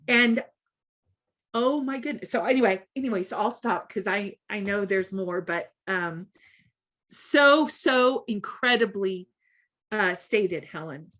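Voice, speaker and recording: A woman's voice: mid-range voice, lively intonation, slow, fairly bright tone. A woman sharing in an online lesson, speaking in an emphatic, decreeing way. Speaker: participant. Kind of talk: fervent spiritual sharing.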